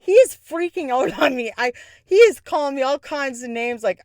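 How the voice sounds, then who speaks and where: A woman's voice: sits high, animated, moderate pace, darkish tone, dry recording, clean studio sound. A woman hosting a podcast, telling a personal story in a candid, sarcastic way, often breaking into laughter. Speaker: podcast host. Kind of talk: casual storytelling.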